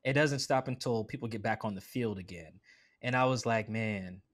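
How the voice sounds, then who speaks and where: Chatty man, animated podcast guest. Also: lowish voice. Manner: animated, quick asides, acts out quoted voices; conversational with frequent "like" fillers. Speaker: sports beat writer as podcast guest. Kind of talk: casual podcast chat.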